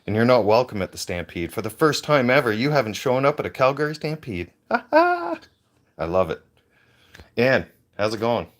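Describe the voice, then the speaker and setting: A man's voice: mid-range voice, expressive, brisk. A man ranting in a heated, profane way into a handheld phone on a livestream. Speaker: veteran livestreamer. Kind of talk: angry livestream rant.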